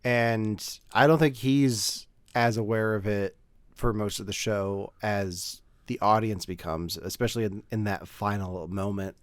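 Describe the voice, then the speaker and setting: A man co-hosting a podcast in relaxed casual chat, with frequent fillers. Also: on the low side, a little slow, smooth, no echo. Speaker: podcast co-host.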